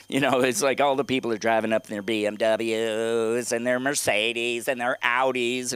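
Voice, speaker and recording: Rambling, animated middle-aged male comic. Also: mid-range voice. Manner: rambling, profane, talks to the crowd. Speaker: stand-up comedian. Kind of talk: open-mic stand-up comedy. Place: comedy club stage.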